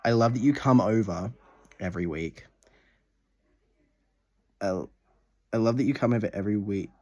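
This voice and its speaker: Reading a letter aloud at home, a young vlogger stumbles over it while gushing about a gift and cursing freely in his casual video diary. His lowish voice is a little mellow, at a moderate pace, and the recording sounds muffled.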